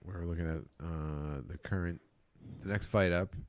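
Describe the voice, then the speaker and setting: A man's voice: deep voice, fairly even intonation, normal speed. A man co-hosting a casual podcast chat about fight videos, with crude jokey banter and frequent laughter. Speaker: podcast co-host.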